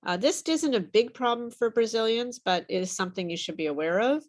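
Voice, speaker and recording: A woman's voice: a little high, lively intonation, fairly quick. A woman teaching English pronunciation, encouraging and patient, explaining with frequent fillers. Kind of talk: online pronunciation lesson.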